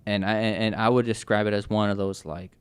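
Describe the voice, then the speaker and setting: Earnest, halting man with a low smooth voice. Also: steady tone. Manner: halting and earnest, with many restarts and "like" fillers. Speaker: guest sharing his testimony. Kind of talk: personal testimony in a podcast interview.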